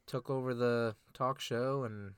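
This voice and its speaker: A young man co-hosting a casual podcast, excitedly recapping a show with slang and laughter. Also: mid-range voice, measured pace, smooth, no echo. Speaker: podcast co-host. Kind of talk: casual chat.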